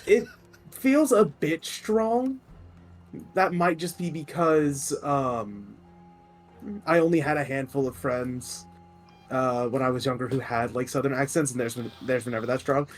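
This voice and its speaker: A man's voice: medium pitch, measured pace, soft background music. A man player in a tabletop game, speaking hesitantly and hedging his opinions. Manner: hesitant, hedging, soft-spoken. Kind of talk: tabletop role-play chat.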